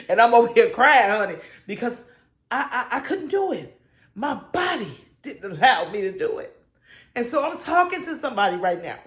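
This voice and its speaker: A woman's voice: on the high side, sing-song, normal speed, fairly bright tone, reverberant. Exuberant woman leading a morning devotion. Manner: exuberant, call-and-response with listeners. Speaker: devotional minister.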